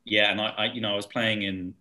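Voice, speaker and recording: Lively British man telling stories. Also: fairly low pitch, quick pace. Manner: animated storyteller, mimics voices in anecdotes. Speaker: guest. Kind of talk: casual chat.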